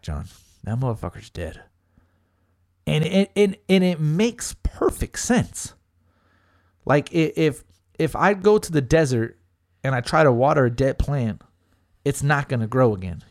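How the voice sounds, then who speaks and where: A middle-aged man tells a story in loose conversation, cursing freely, quoting friends and family, and leaning on lots of fillers. His mid-range voice is creaky and a little mellow, captured in clean studio sound with no echo.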